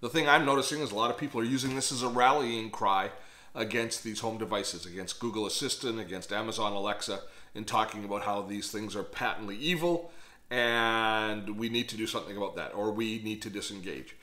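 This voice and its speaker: A man talking casually to the camera as a tech vlogger, chatty and animated, often thinking aloud with fillers. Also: fairly low pitch, brisk. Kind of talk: casual vlog commentary. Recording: echoey room.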